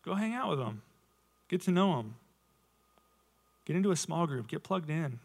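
Man preaching, casual sermon, fairly high voice, conversational, rhetorical questions. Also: big pitch swings, moderate pace, creaky. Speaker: lay preacher.

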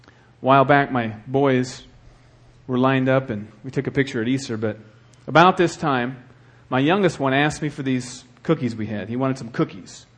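A middle-aged male pastor preaching a sermon with animated delivery and acted asides. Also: medium pitch.

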